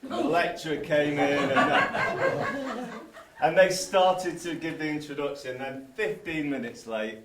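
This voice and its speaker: A groom giving a wedding speech, telling wry, animated anecdotes. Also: male voice, fairly high pitch. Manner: wry storytelling, slow and animated. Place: large hall with guests. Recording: roomy hall, distant mic, noisy.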